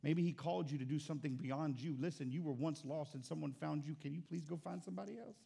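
A man preaching a sermon as pastor, fervent, moving between quiet and loud. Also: on the high side, fast talker, vocal fry, breathy edge. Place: church.

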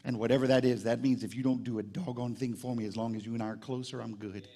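A pastor delivers a live sermon at a church service, his medium-pitched voice moving fast. He preaches in an animated, conversational style, as if telling a story.

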